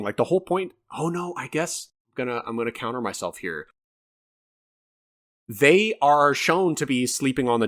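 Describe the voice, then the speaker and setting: Man, podcast co-host, casual film chat, animated and rambling, cusses a lot. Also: on the high side. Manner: animated, swearing, rambling nitpicks.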